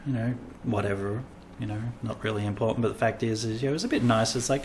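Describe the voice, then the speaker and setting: Australian man, casual podcast chat, rambling storyteller, mid-pitched voice, faint background hiss. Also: steady tone, fast, a little mellow. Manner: rambling storytelling, acting out quotes. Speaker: comedian and podcast host.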